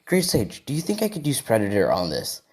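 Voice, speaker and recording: A man reading as a calm, curious teenage boy. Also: medium pitch, fairly quick, breathy edge. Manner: plain, hesitant delivery with fillers.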